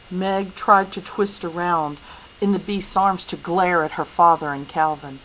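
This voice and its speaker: A woman reading a novel aloud, clear and unhurried. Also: on the low side, fairly bright tone, a little hiss or hum, poor audio. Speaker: audiobook reader.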